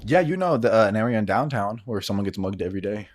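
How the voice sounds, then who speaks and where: A man's voice: on the low side, animated, fast. A man narrating as game master of a tabletop role-playing game, rambling with many fillers and frequent laughs.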